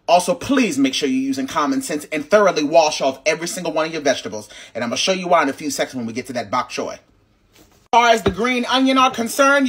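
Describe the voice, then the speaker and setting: A man hosting his own cooking channel, walking viewers through a recipe in a casual, animated way, sassy and quick to cuss as he talks straight to them. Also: on the high side, noisy background.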